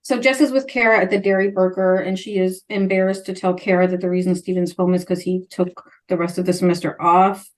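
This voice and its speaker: A young woman co-hosting a podcast recaps a book in a casual book-club chat, acting out the characters' lines in an animated way. Her voice is on the low side, brisk, with few pauses.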